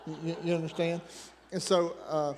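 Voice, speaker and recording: A pastor in his sixties from the Tennessee mountains of Appalachia preaches a folksy sermon packed with jokes and rambling asides, speaking in an Appalachian accent. His voice is on the high side and darkish, with level tone and moderate pace. Recorded in a church sanctuary, it carries a church hall's long reverb.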